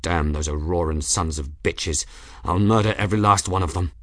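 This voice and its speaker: A man voicing a grief-stricken, vengeful man who mutters bitter curses in a low voice. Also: normal speed, a bit bright, no echo, studio quality. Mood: bitter fury.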